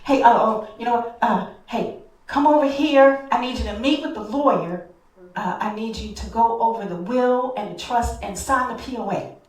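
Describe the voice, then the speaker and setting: A woman's voice: fairly high pitch, moderate pace, lightly acted. A woman voicing her aging father, who earnestly instructs his family and keeps calling them over to hand down his plans. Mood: urgent, instructing. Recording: echoey hall, distant mic.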